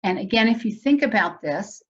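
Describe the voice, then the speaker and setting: A woman's voice: medium pitch, expressive, moderate pace. Woman explaining on a dull video call. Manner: conversational, explanatory, asks audience questions. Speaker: Hebrew teaching presenter. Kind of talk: virtual teacher training webinar.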